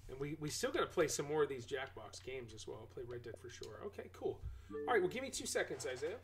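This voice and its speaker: A man hosting a live game stream who talks straight to his chat. He rants in an animated, exclaiming way, and his pitch swings widely up and down. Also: fast talker, soft background music, low-quality recording.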